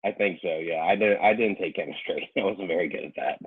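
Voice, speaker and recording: Husky man on a tinny line. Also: deep voice, fast. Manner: hesitant, full of restarts, laughs easily. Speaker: professional cook, podcast guest. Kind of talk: casual chat.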